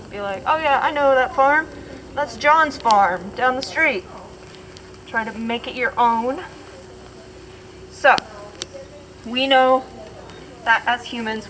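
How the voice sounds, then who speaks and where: A woman's voice: a little high, fairly bright tone, slight background noise, poor audio. A woman educator leading students around a model, asking questions and laughing easily. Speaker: station educator. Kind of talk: hands-on classroom lesson.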